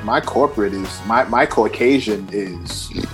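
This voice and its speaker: A man from Queens co-hosting a casual podcast chat, joking and getting animated, his voice shooting up when excited. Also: fairly low pitch, measured pace, faint music behind. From Queens, New York, US. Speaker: podcast co-host.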